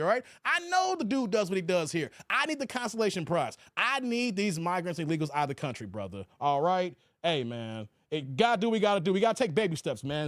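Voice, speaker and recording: Clean studio sound and a dry recording capture a high-pitched man from the New York area hosting a live stream. Animated and full of slang, he chats casually, reads out messages from chat, and swears without holding back.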